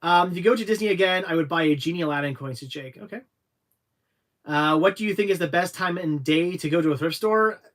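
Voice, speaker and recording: A young adult man hosting a livestream, his voice slightly higher than average, casually reads questions from chat and then answers them. The answers ramble, stopping and restarting with halting pauses.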